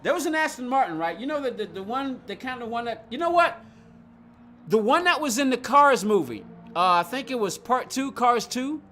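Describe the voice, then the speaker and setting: A man's voice: very high-pitched, lively intonation, normal speed, pushed and bright, slight background noise. A man streaming a racing game, rambling in casual chat, reading chat aloud and laughing often. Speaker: gaming streamer.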